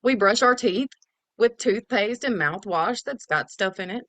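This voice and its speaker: A woman's voice: mid-range voice, expressive, a little slow, a bit bright, no room sound. A woman giving a chatty, casual product overview as a wellness promoter. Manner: chatty, salesy, casual slang.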